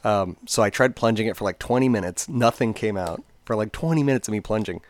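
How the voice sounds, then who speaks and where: Brief: low-voiced man, rambling casual storyteller, close dry mic. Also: fast talker, dry recording. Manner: rambling, chatty, many fillers. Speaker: podcast co-host.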